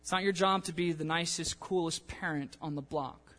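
High-voiced young male preacher in a church. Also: moderate pace. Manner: animated, conversational, acts out quotes. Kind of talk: sermon. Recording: long church-hall reverb.

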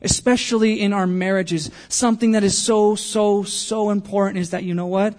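A man's voice: high-pitched, fairly even intonation, normal speed, darkish tone. A young adult man preaching a conversational sermon, joking with the congregation and poking fun at himself. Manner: conversational and self-deprecating, jokes with the congregation. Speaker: pastor.

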